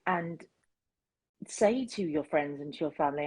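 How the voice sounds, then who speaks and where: A woman hosting an interview, talking in an earnest, open and reflective way with many pauses and ums. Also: deep voice, animated, darkish tone, slightly rough, dry recording, low-quality recording. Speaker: host. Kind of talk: casual interview chat.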